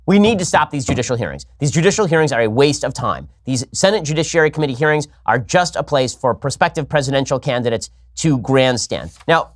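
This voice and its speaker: Sarcastic fast-talking male commentator. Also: medium pitch. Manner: rapid, sarcastic, argumentative. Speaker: host. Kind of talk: political commentary monologue.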